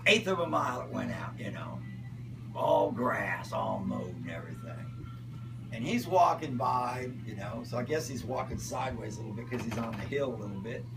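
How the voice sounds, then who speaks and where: Older man, rambling anecdote, lively swooping pitch, voice from far off, loud music behind. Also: gravelly. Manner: animated, acts out voices and shouts in his stories. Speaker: storyteller.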